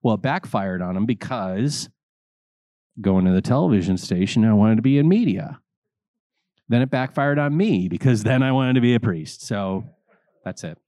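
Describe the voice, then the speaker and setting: A priest and vocations director telling his personal story in an interview, earnest and animated, acting out the people he quotes. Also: on the low side, moderate pace, no echo, clean studio sound.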